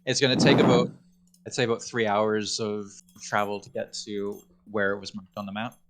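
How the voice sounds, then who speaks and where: A man's voice: on the low side, level tone, normal speed, a little hiss or hum. Hesitant man running a tabletop game. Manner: hesitant, many ums and restarts. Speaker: game master. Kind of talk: narrating a tabletop game over voice chat.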